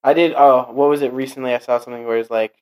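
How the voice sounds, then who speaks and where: A man from Portugal chatting casually, swearing now and then and slipping into quick put-on voices while telling stories. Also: medium pitch, fairly even intonation, a little mellow, clear, resonant tone, poor audio. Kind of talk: casual chat.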